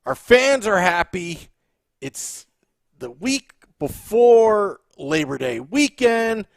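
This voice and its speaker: A man's voice: sits high, big pitch swings, takes it slowly, creaky, dry recording. A man hosting a live sports podcast with a playful showman delivery. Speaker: podcast host.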